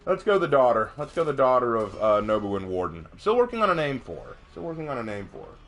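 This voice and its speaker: A man streaming gameplay, reading chat aloud and thinking out loud as he plays, chatty and quick to laugh. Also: mid-range voice. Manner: chatty, excitable, laughs often, talks to himself. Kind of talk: live gameplay commentary.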